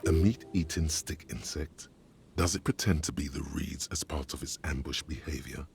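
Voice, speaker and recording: An actor voicing a brooding male inner-voice narrator in a detective video game, speaking in a slow, ominous, poetic way. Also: rumbling low, vocal fry, slight background noise.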